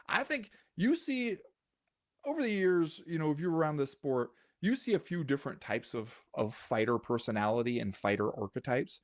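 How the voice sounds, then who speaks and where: A man co-hosting a podcast in casual chat, reading listener comments aloud with a wry, animated delivery. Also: fairly high pitch, moderate pace, dry recording, clean studio sound. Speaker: podcast co-host.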